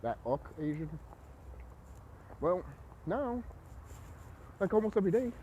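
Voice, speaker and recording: A man's voice: high-pitched, very animated, a little slow, mellow, muffled recording, slight background noise. A man delivering an agitated, profane, preachy rant as a vlogger, repeating himself for emphasis. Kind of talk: ranting monologue to camera.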